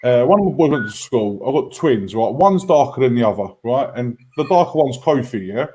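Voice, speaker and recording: A man, telling a story in a casual discussion, growing animated and heated. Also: medium pitch, brisk. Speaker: panel guest.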